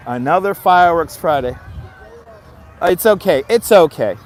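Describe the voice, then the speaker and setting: A man's voice: sits high, expressive, a little slow, pauses often. A man in his fifties with a Brooklyn accent, chatting bluntly on a live stream outdoors and answering viewer comments. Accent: Brooklyn New York. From Brooklyn, New York. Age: 50s. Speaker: livestreamer. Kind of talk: casual live-stream chat. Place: outdoors in a busy seaside city area.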